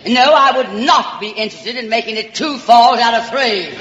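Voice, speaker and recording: Slightly high and at a normal pace, a woman from Alabama with a Southern US accent hosts a radio variety show. She delivers a comic monologue in a theatrical drawl, calling everyone darling. The sound is a muffled old radio broadcast with hall reverb and faint hiss.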